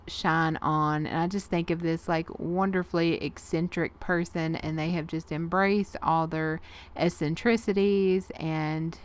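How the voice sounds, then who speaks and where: A woman, chatting folksily through her art journal pages as a craft vlogger and laughing often. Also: fairly low pitch. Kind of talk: casual craft narration.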